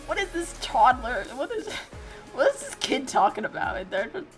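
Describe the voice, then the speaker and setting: A young adult woman streamer tells a story casually, sounding profane and exasperated and breaking into laughing squeals. Her voice is high with big pitch swings at normal speed, and soft music plays in the background.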